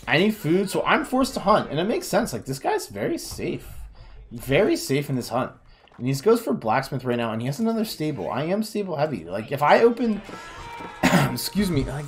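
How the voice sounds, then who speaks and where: A man's voice: fairly high pitch, darkish tone. A tired young man commenting on a replay of his own game, self-critical and groaning at his mistakes. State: tired, yawning. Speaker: gaming video creator.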